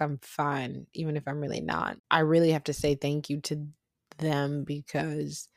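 Low-voiced woman, candid podcast talk. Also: dry recording, clean studio sound. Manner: conversational, animated storytelling with laughs. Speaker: podcast host. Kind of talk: candid personal monologue.

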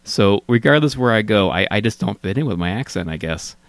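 A man in his late twenties with a Western American accent, hosting a casual interview with relaxed, fan-like enthusiasm. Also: fairly low pitch, a little fast, vocal fry, no echo. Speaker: interview host.

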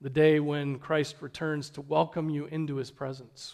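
A man preaching a sermon, earnest, posing rhetorical questions and dropping to a hush for emphasis. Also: a little high, fairly even intonation, moderate pace, hardly any pauses.

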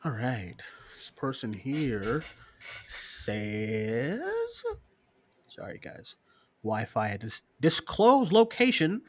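A man's voice: medium pitch, slow pace, long pauses, breathy edge, no room sound. A man co-hosting a casual live-stream show, reading listener questions, laughing often and cursing freely. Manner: animated, profane, laughs often, mocking voices.

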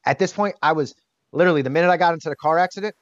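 A man being interviewed, telling a personal story in a candid, animated way and swearing casually. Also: a little high, very fast, no room sound. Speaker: interview guest. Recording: dull, dry sound.

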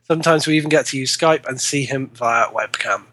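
Husky, bright man, giggly podcast guest. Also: medium pitch, fairly quick, no room sound. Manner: giggly, self-deprecating. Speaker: guest co-host. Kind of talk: casual chat, reading a listener letter.

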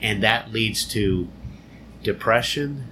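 A man giving an unhurried, conversational Bible teaching, explaining and repeating phrases for emphasis. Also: fairly low pitch, sharp tone, slight background noise, poor audio.

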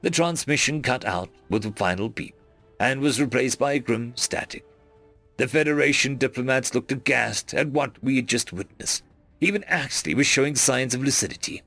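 Man narrating a story, gravelly and lively. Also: mid-range voice, normal speed, faint music behind. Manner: expressive storytelling, earnest. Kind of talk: first-person audiobook narration.

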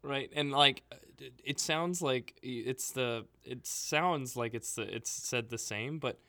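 A man talks in a casual conversation, his tone bright and forward. He muses aloud, leaning on "like" as a filler and quoting Arabic words. The recording is close and dry. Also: mid-range voice, a little slow, dry recording. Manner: reflective, fillers like "like", laughs at himself. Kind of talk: casual chat.

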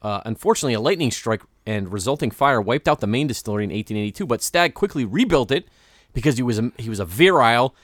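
Podcast co-host man, casual storytelling, even mid voice, dry sound. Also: mid-range voice, fast, dry recording. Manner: relaxed, telling a history with fillers and jokes.

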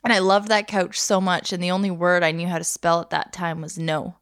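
A woman's voice: lowish voice, steady tone, a little fast, a bit bright, clean tone, no room sound, studio quality. A woman in her thirties co-hosting a podcast, telling stories in a casual, chatty way and laughing easily. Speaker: podcast co-host. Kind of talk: casual chat.

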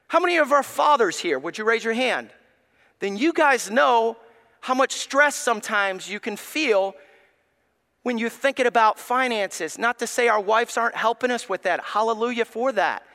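Man, pastor, sermon, emphatic, high voice, long church reverb. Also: expressive, normal speed, pushed and bright. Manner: emphatic, preacherly, addresses congregation. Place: church sanctuary.

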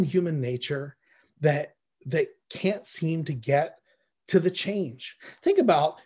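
A man's voice: a little high, lively intonation, takes it slowly, a little mellow, slightly rough. A middle-aged man as pastor, preaching a sermon through a personal story and acting out both sides of the conversations.

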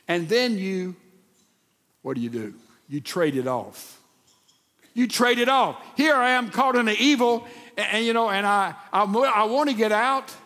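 Older male pastor, folksy sermon delivery, high voice, long hall reverb. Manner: folksy and animated, with stammered restarts.

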